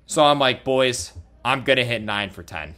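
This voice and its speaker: Young male co-host, mid-pitched voice, excitable self-mocking storyteller. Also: moderate pace. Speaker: podcast co-host. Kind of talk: casual storytelling chat.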